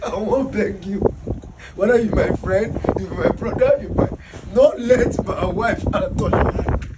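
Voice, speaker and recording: A man's voice: sits high, a little slow, heavy background noise. A man with a Nigerian accent delivering a preachy, repetitive comic rant, often breaking into laughter. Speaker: comedy skit host.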